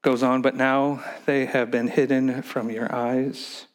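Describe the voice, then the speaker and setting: A man preaching a sermon, swinging between loud, emphatic stretches and hushed, whispered ones. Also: medium pitch, little pitch movement, takes it slowly. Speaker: pastor.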